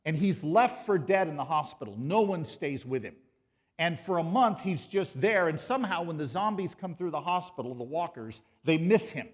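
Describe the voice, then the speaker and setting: A man giving an animated lecture at a conference, joking with and quizzing a live audience. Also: a little high, normal speed. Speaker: conference speaker. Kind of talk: pro-life apologetics lecture.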